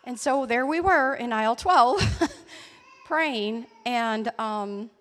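A woman telling a personal faith story in an earnest, halting way. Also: on the high side, animated, long reverb tail. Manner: earnest, halting storytelling with restarts and soft laughs. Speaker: church member sharing a testimony. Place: church hall.

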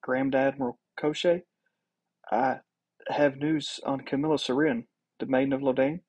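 Man reading as a jumpy young woman soldier, hesitant, husky voice. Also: mid-range voice, fairly even intonation, normal speed, darkish tone, dry recording, natural voice. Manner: hesitant, insecure delivery. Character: nervous young female military operative.

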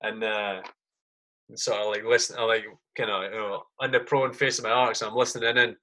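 A man's voice: mid-range voice, steady tone, fast talker, sharp tone. A man, a soldier, casually telling stories in a podcast chat, swearing constantly and saying mate a lot.

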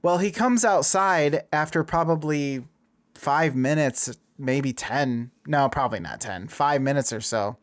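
A man's voice: a little high, a little slow, no echo. Casual storytelling man. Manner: animated, acts out dialogue in a raised voice.

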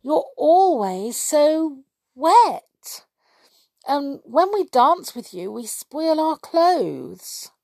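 Ein kleiner, unverblümter Brownie-Mann, von einer Frau gesprochen, langsam und zögernd. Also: female voice, sits high, big pitch swings, drawn-out words, creaky, darkish tone, no room sound, pitched above the performer's own voice, heavily acted. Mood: blunt. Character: blunt little male brownie.

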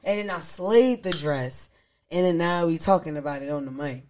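A woman's voice: low voice, normal speed, a little hiss or hum. A woman co-hosting a podcast, telling a story in casual chat and acting out what others said. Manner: animated, acts out quotes. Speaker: podcast co-host.

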